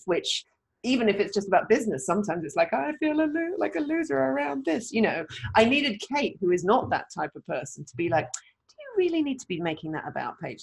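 A woman co-hosting a relaxed business conversation. She is chatty and lively, and she slips into little acted-out quotes. Her voice sits at an ordinary middle pitch. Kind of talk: casual business chat.

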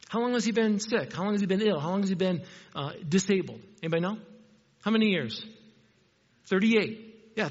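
A man's voice: sits high, fairly bright tone. A man preaching a sermon in a conversational way, often putting questions to the congregation in a church. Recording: dull audio with long hall reverb.

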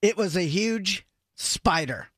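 A man's voice: high voice, animated, slow pace, very noisy. A man co-hosting a casual podcast, revealing answers with laughing storytelling. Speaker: co-host running the game.

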